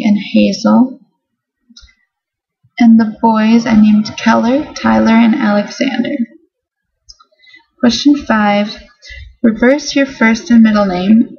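A young woman talks casually and eagerly to her camera, her voice a little husky and breathy. The sound is dull and lo-fi, like a simple home webcam recording. She sits at a middling pitch for a woman. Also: darkish tone. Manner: chatty, enthusiastic about baby names. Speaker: vlogger.

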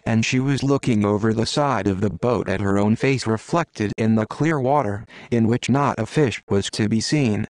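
A man narrating a storybook in a steady, measured reading. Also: on the low side, no echo. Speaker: audiobook narrator.

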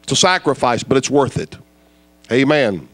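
A man preaching a fiery evangelistic sermon, dropping to low intensity then rising to loud, high shouts. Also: expressive, normal speed.

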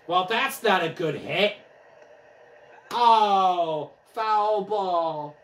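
Young male gamer, excitable trash-talker, out of breath, slow delivery, echoey room, picked up from across the room. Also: high voice, a little hiss or hum. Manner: excitable, trash-talking, yelps and whoops. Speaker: gaming vlogger. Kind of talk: casual gameplay commentary. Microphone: camera mic from a few steps away. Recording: echoey room, distant from mic.

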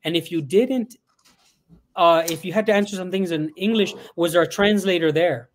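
Male livestream host, high voice, chatty and upbeat, reads chat questions aloud. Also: moderate pace.

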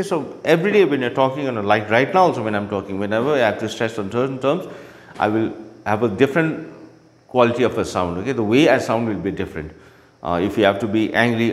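A man's voice: medium pitch, long reverb tail. A male teacher explaining a lesson in an online class, often checking in with "okay" and "right?".

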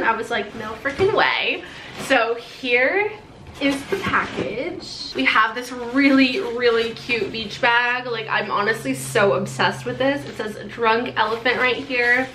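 A young woman gushing and laughing as she unboxes gifts in a casual vlog. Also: a little high. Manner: bubbly, gushing, laughs often. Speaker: beauty vlogger. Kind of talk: excited haul unboxing chat. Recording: echoey room, faint noise.

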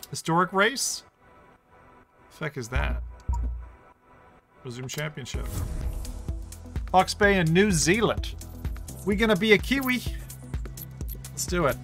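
An excitable man livestreams a VR racing game and chats with viewers in a loose, unscripted way, swearing freely and laughing often. His voice is bright and forward, and his pitch sits a touch high for a man. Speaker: VR gaming streamer. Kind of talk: casual live-stream commentary.

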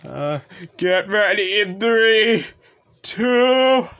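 Loud, erratic young man shouting and mumbling. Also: high voice, animated, takes it slowly. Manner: swings from mumbling to shouting, swears. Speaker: video maker. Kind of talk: chaotic reaction skit.

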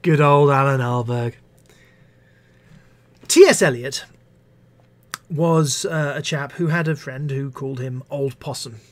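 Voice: mid-range voice, slow, long pauses. An English teacher on a live stream, reciting favourite poems theatrically and adding wry asides. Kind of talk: live-stream poetry reading.

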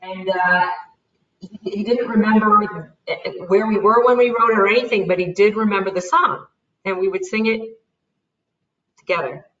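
A woman from the United States, a mother, gives a conversational interview about her family, performing people's words as quoted dialogue and laughing lightly along the way. She has a mid-range voice and normal speed, and the lo-fi audio comes across as distant and dull.

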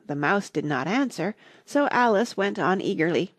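A woman narrating a classic children's novel in an expressive audiobook reading with soft asides. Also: mid-range voice, moderate pace, hardly any pauses, no echo, clean studio sound.

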